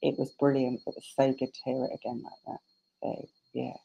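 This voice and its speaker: Low-voiced woman author gushing about old bands, chatty, a bit of slang. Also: monotone, brisk, creaky, dark tone, a little hiss or hum, poor audio. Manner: enthusiastic, chatty, British slang. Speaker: author guest. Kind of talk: casual chat.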